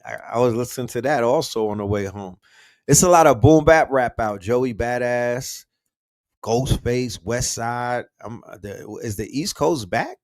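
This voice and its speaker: Brief: male streamer, mid-pitched, loose slangy chat, close dry mic. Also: animated, measured pace, no room sound. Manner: slangy, shouting out viewers' cities. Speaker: livestream host. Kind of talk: casual livestream chat.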